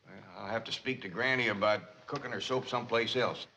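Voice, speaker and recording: An actor playing an easygoing hillbilly family head with a rural Southern accent and a folksy drawl, in a 1960s sitcom. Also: male voice, lowish voice, fairly quick, pushed and bright, slight background noise. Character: easygoing hillbilly patriarch, plainspoken. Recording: dull 1960s TV soundtrack.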